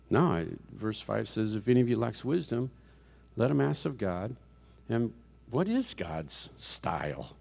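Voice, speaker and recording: A middle-aged man giving a sermon in a church sanctuary, talking plainly to the congregation. He stumbles and restarts often, tosses out rhetorical questions, and his voice sits at an ordinary mid pitch. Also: gravelly, a little mellow. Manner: conversational, halting with frequent restarts, rhetorical questions. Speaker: guest speaker.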